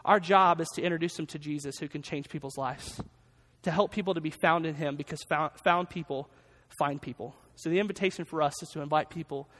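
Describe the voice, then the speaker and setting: A man preaching a sermon as pastor in a church, energetic and emphatic, often repeating his key phrases. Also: fairly high pitch, fairly quick. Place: church sanctuary. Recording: long reverb of a large hall.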